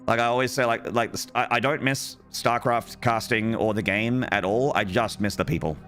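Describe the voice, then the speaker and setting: On a gaming livestream, a male streamer chats playfully with viewers, wandering off topic and interrupting himself. His voice is mid-range and fairly bright, his tone steady, his speed normal, with faint music in the background.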